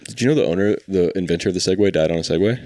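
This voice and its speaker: A man's voice: low-pitched, very fast, a little mellow, no room sound. A man co-hosting a comedy podcast, rambling through funny stories with lots of fillers. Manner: rambling, loose storytelling with many fillers. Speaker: podcast co-host. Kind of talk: casual comedic chat.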